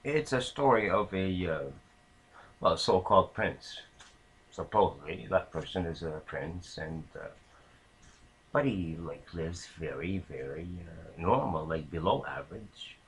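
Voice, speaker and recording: A man's voice: sits low, expressive, a little slow, slightly rough, low-quality recording. A man casually telling a long anecdote, rambling with many fillers and restarts. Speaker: storyteller.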